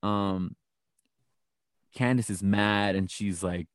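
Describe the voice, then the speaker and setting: Lively man recapping a show, dry mic. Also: normal speed, pauses often, dry recording. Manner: animated, acts out quoted lines in a high mocking voice. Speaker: podcast co-host recapping a reality show. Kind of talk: casual chat.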